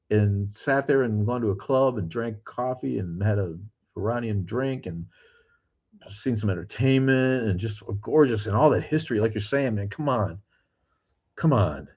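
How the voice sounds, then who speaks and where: Low husky older man streaming. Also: animated, normal speed, darkish tone, highs cut off. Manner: rambling, profane and blunt. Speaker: livestream host. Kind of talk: casual livestream chat, reading comments aloud. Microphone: streaming cameras.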